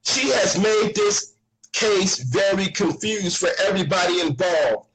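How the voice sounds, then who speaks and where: A man's voice: sits high, measured pace, a bit bright, poor audio. A man, a pastor, in a heated live argument, accusing the other man and repeating his questions insistently.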